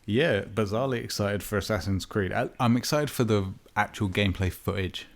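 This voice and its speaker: A man co-hosting a casual gaming podcast, relaxed, thinking aloud and correcting himself as he goes. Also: fairly low pitch, a little fast. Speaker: podcast co-host.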